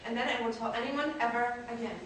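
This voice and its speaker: A teenage girl acting an earnest young woman who gently comforts her sister, in a school play. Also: fairly high pitch, steady tone, fast talker, close to an everyday voice. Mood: confessional. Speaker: student actor. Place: school theater stage. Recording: echoey stage from far, loud background noise.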